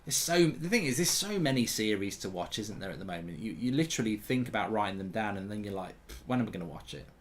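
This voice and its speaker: A man's voice: fairly low pitch, lively intonation, fast talker. A man hosting a live football watchalong, chatting and answering viewer questions. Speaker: host.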